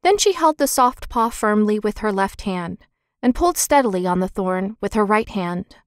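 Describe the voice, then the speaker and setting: A woman reads a children's book aloud, clear and expressive, at an even middle pitch. The recording is dry and close, with no room sound. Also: moderate pace, dry recording. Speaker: audiobook narrator. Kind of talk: scripted narration of a children's book.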